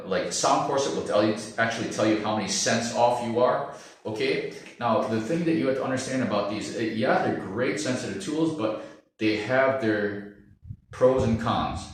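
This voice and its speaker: A man's voice: mid-range voice, a little hiss or hum. Guy teaching strings, chatty and easygoing, big echoey room, mic kinda far off. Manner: relaxed, chatty, checks in with "okay?" and "yeah?". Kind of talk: casual instructional talk to camera.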